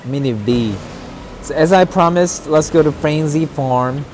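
Man, game streamer, unhurried drawl, playful trash talk, faint hiss behind. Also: fairly high pitch, darkish tone. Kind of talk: casual gameplay commentary.

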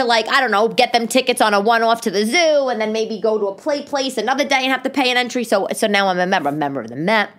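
Chatty New comedian mom. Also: female voice, a little high. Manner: chatty, animated, many restarts and asides. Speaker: podcast host, stand-up comedian. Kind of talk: casual comedic monologue.

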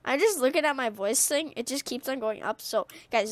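A woman giving excited gaming commentary as a YouTuber, trash-talking playfully with loud outbursts. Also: high-pitched, fairly quick, no echo, clean studio sound.

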